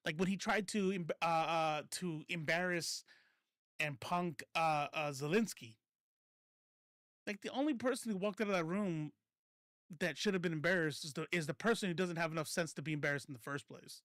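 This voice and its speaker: A man with a fairly high voice hosts a casual political livestream, talking loosely and cursing as he goes. He often stops to correct himself and breaks into laughter. The sound is dry and close, with no room around it. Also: moderate pace, a bit bright, dry recording. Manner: rambling, self-correcting, laughs often, swears freely. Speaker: political commentary streamer.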